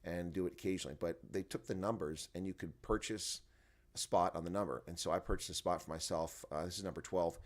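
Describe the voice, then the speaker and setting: Tired and groggy at his desk microphone, turned up high, a man hosts an early-morning rugby live stream from home and rambles to the chat. He speaks fast in a low pitch with fairly even intonation.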